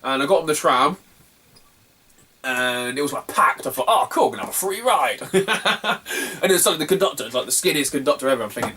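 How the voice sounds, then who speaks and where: A man's voice: a little high, sing-song, a little fast, pushed and bright, a little hiss or hum. Rambling man, sweary and giggly. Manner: rambling, swears freely, breaks into laughter. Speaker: retro gaming YouTuber. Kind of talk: casual storytelling to camera.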